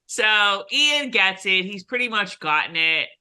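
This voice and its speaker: A woman's voice: medium pitch, sharp tone, clear, resonant tone. A woman co-hosting a casual TV recap, chatty, with many fillers and restarts. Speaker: podcast co-host.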